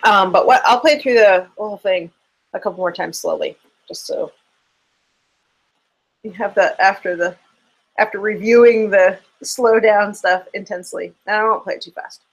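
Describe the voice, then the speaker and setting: A relaxed fiddle teacher talks through a lesson into a computer microphone. They count beats and hum rhythms while working things out aloud, at an ordinary middle pitch. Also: normal speed, pauses often, low-quality recording. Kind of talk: casual online lesson.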